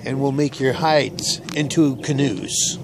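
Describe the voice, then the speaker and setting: A solemn male chief hands down his judgment in slow, formal words, voiced by a man telling a joke. The voice stays gravelly and close to the teller's own. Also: mid-range voice, noisy background. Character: stern male jungle tribe chief, solemn and grand.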